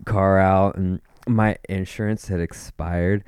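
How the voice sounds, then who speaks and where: A man's voice: low-pitched, steady tone, takes it slowly, a little mellow, smooth, no room sound, studio quality. A young man casually telling a rambling, profane story, full of fillers and restarts. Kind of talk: casual chat.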